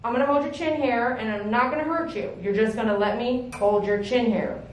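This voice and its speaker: A woman groomer teaches a class while she handles a puppy. She gives short firm commands and then praises warmly, in a slightly high voice. The sound comes from an echoey grooming room with a faint noise behind it. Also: fairly quick. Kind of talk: hands-on grooming demonstration.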